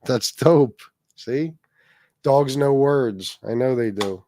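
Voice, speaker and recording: A man's voice: medium pitch, takes it slowly, warm tone, dry recording. A man hosting a casual livestream, rambling, swearing freely and reacting to chat comments. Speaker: livestream host.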